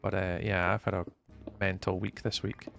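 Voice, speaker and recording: A young man chatting casually with viewers while live streaming, playful and often trailing off into a softer voice. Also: sits low, little pitch movement, moderate pace, vocal fry.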